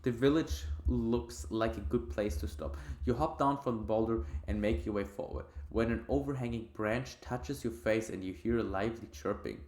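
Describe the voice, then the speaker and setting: A man's voice: on the low side, darkish tone. Man reading a gamebook in an echoey room. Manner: reads narration, then adds quick offhand asides. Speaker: let's play host. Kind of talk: reading a gamebook and reacting, casual. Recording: roomy echo.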